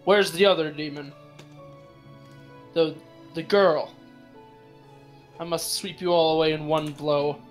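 A man voicing a small, vengeful man in red robes who loudly accuses people of villainy. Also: fairly high pitch, steady tone, slow, pauses often, soft background music. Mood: indignant. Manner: declaiming, self-righteous accusations.

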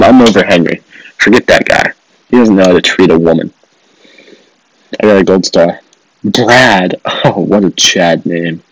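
Low-voiced joking man playing a phone game. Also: no echo, poor audio. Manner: joking, sarcastic, swears, laughs often. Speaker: gaming video host. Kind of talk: playing a mobile game and commenting.

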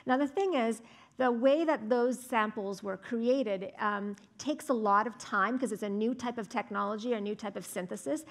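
A woman speech scientist, speaking at a moderate pace in a fairly high voice, presents an academic talk with audience Q&A in a lecture hall. Her answers are thoughtful and explanatory, with frequent "um"s and "right?"s.

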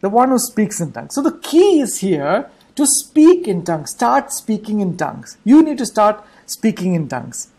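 Preaching an online sermon, a woman speaks in a mid-range, sing-song voice that is warm, mellow, and a bit husky, and the recording is rough. She returns to her main points again and again and checks in with quick rhetorical questions.

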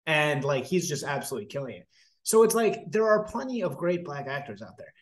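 A young man with a fairly high voice talking on a podcast. He is blunt and emphatic and leans on filler words. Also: big pitch swings, brisk. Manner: emphatic, blunt, heavy use of "like". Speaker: podcast guest or host. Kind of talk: casual podcast conversation.

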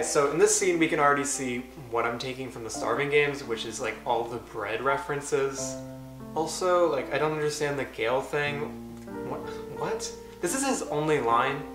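A young man reads aloud from his childhood script and picks it apart with deadpan, self-mocking asides. His voice rings in a roomy space. Music plays clearly underneath. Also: mid-range voice, normal speed. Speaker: YouTuber. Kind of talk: casual reading and commentary.

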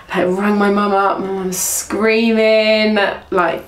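A former athlete from England, a young woman, describes her career in a casual interview with a highish voice, little pitch movement, a moderate pace and few pauses. She restarts often and quotes what people said. The sound is distant and echoey, with faint room noise.

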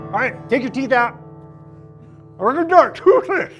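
A man's voice: very high-pitched, sing-song, moderate pace, pauses often. A man leading a kids' sing-along as worship song leader, talking in a playful, upbeat way. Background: loud guitar music.

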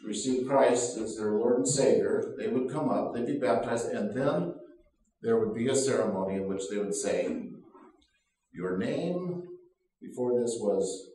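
A man's voice: medium pitch, measured pace, mellow. A man pastor telling a story in a sermon, laughing often at his own anecdote. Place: church sanctuary. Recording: very echoey room, voice from far off.

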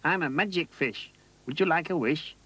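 A man voicing a small, friendly magic talking fish in a storybook reading, with a gentle, husky character voice. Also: fairly high pitch, normal speed, voice pushed up, low-quality recording.

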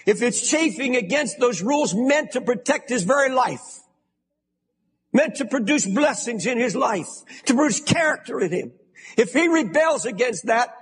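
High-voiced preacher in a reverberant hall. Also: male voice. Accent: American. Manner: emphatic preaching, shouts for stress. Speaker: pastor. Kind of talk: sermon. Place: large church sanctuary.

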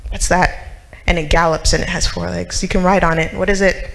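A woman's voice: on the low side, level tone, brisk, gravelly, fairly bright tone, poor audio. A woman telling a story to children in church, asking them questions and acting out the characters.

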